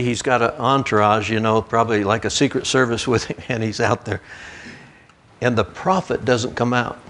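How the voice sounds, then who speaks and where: Middle-aged male preacher, storytelling sermon delivery with frequent restarts. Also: medium pitch. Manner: storytelling with many restarts and lively quoted voices. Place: church.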